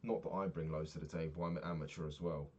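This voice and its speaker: A man's voice: extremely low pitch, fairly even intonation, fast, a little mellow, highs cut off, slight background noise. A young man talking through his day in a candid, rambling diary vlog, swearing freely. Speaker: vlogger.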